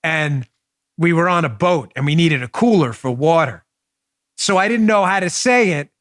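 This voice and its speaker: A man hosting a political talk show, delivering animated, mocking commentary with big swings in his voice. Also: a little high, moderate pace, no echo, clean studio sound. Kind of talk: opinionated commentary.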